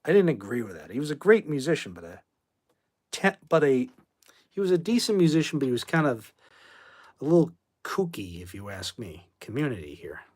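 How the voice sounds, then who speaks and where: A man's voice: medium pitch, big pitch swings, brisk, darkish tone. A man hosting a casual livestream from his phone, rambling about music and flaring up angrily at commenters in chat, swearing as he kicks them out. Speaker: livestream host.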